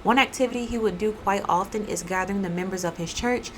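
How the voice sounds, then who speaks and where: Woman host, casual animated storytelling, playful character voices, faint background noise. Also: mid-range voice, quick pace, low-quality recording. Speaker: podcast host.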